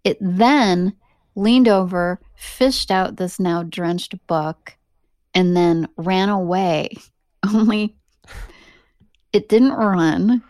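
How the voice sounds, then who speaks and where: A woman hosting a podcast, telling an eerie story in a casual, animated way with laughing asides. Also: on the low side, takes it slowly, dry recording, studio quality. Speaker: podcast host.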